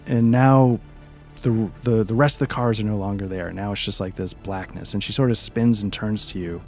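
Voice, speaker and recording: A man running a tabletop role-playing game as game master, calmly describing scenes with frequent fillers. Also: on the low side, moderate pace, faint music behind. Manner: calm descriptive narration with many fillers.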